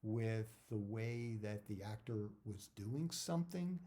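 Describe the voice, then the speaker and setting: A man's voice: lowish voice, expressive, slow pace, mellow. A middle-aged man, an actor, giving career advice in a casual talk that rambles, repeats words and drifts off topic.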